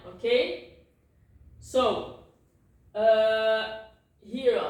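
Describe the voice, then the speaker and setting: Slow, echoey woman teaching a language lesson. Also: fairly high pitch, lively intonation. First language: Portuguese. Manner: repeats words and checks in with "ok?" constantly; self-correcting, apologetic asides. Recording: very echoey room, distant mic.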